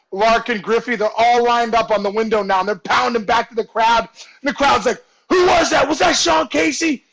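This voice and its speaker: High, gravelly-voiced animated man storyteller. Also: poor audio. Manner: animated, acts out voices and shouts in his stories. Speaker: guest storyteller, former ballplayer. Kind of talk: casual storytelling chat.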